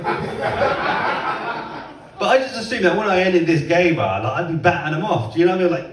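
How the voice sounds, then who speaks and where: A man's voice: high-pitched, big pitch swings, a little fast, pauses often, crowd noise. Man. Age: 30s. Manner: chatty, self-mocking, acts out voices with loud bursts. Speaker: stand-up comedian. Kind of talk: stand-up comedy set. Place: comedy club stage, heard from across the room. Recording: roomy live club recording from a distance. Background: faint audience laughter.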